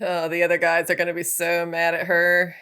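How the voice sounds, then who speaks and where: A woman's voice: lowish voice, fairly quick. A young woman from Alabama with a Southern accent, chatting casually and laughing as she reacts to a film. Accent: Southern American. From Alabama, USA. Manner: chatty, laughs often, animated asides. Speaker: movie reaction host. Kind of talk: casual movie reaction commentary. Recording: music from the film behind the voice.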